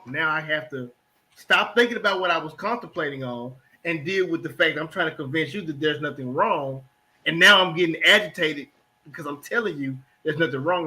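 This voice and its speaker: A man's voice: fairly high pitch, fairly quick, pushed and bright. A man hosting a casual panel talk, explaining earnestly and acting out everyday exchanges. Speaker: host.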